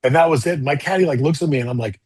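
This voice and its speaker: A man in an interview telling animated stories about his golf career, with lots of fillers. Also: a little high, very fast, husky. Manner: animated storytelling with many fillers. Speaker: golfer guest. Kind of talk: storytelling interview talk.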